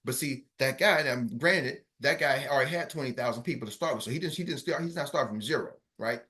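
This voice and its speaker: A middle-aged man coaching a team in a motivational talk on an online call, energetic and repetitive, often checking that his listeners are with him. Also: medium pitch, fast talker. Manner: energetic, repetitive, keeps asking the audience if they follow. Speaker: business coach.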